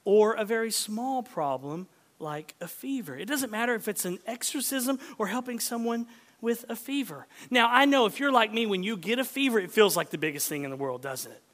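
A male pastor preaching a sermon, self-deprecating and conversational, dropping to hushed whispers for emphasis. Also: high voice, lively intonation, a little fast. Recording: long hall reverb.

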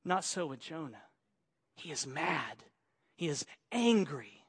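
A man preaching a sermon, moving between quiet, measured passages and emphatic, rising declarations. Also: fairly high pitch, sing-song, husky. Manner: dynamic, swings from quiet to emphatic. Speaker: pastor.

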